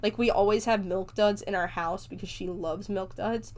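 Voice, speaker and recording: A woman's voice: mid-range voice, fairly even intonation, moderate pace, a little mellow. A young woman hosting a podcast, chattily recapping a movie with lots of fillers and casual swearing. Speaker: podcast host.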